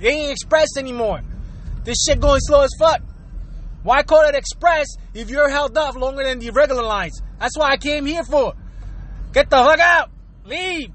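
A man's voice: very high voice, a bit bright. A man from Florida hosting his own show, ranting in an exasperated, repetitive way, swearing a lot and mixing in Spanish words. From Florida, USA. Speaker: show host. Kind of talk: profane rant monologue.

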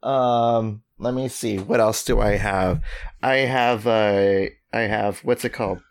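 A man's voice: fairly low pitch, steady tone, slow. A man co-hosting a podcast in casual chat, talking keenly in a rambling way with many ums and uhs. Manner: rambling, hesitant with many fillers; enthusiastic. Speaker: podcast co-host.

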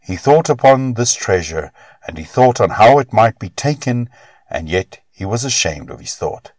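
Guy reading a myth story aloud, deep-ish, lots of ups and downs, dry close sound. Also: no room sound. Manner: expressive, measured reading. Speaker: narrator. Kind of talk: storybook narration.

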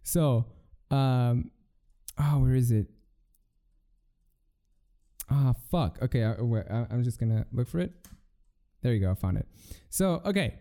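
A man's voice: mid-range voice, expressive, unhurried, pauses often, mellow. A young man hosting a solo podcast, telling rambling, profane stories with many restarts. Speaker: podcast host. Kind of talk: casual solo podcast rant.

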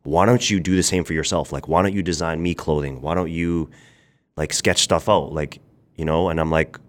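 A young man, a podcast guest, telling his story in casual, rambling speech with filler words and quick bursts. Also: extremely low pitch. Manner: rambling, quick bursts, quotes people in animated voices. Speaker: podcast guest, brand founder.

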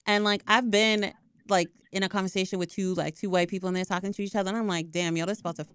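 Quick, animated woman telling stories. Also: medium pitch, smooth, no room sound. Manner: animated storytelling, fast, lots of "like". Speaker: discussion participant. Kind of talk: casual podcast chat.

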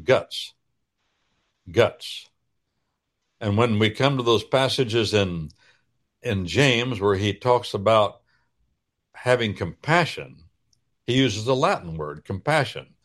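A man hosting a radio talk show, explaining in a folksy, preacherly way with drawn-out pauses. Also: on the low side, animated, a bit bright. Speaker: radio host.

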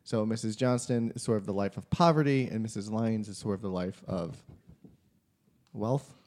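A man's voice: on the low side, moderate pace, darkish tone. A man co-hosting a podcast, explaining things at length in casual conversation. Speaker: podcast co-host. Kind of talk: casual chat.

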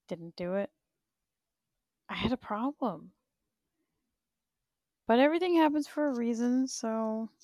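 A woman in her thirties talks on her livestream in a blunt, profane, rambling way. Her voice is gravelly with plenty of fry. She speaks at an unhurried pace, and the sound is close and dry. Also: medium pitch, a little mellow, no room sound. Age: 30s. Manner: blunt and profane, laughs often. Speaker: livestream host. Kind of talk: candid rambling livestream chat.

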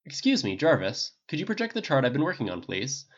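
A reader voicing an earnest male team captain who gives polite, brisk commands in a dull lo-fi recording. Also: mid-range voice, sing-song, slightly rough, pitched above the performer's own voice.

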